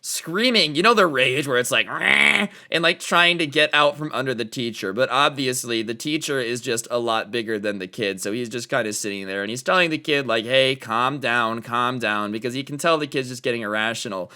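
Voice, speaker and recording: A young man telling a school story in a casual, slangy, animated way. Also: medium pitch, a little fast, hardly any pauses. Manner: slangy, animated, lots of "dude" and "like". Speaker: storytime channel host.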